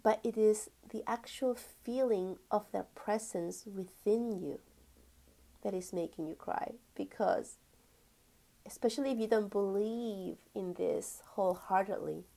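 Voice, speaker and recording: A woman giving a spiritual teaching talk, gentle and earnest, stretching key words and sometimes dropping to a whisper. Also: mid-range voice, measured pace, creaky. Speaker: spiritual teacher and energy healer.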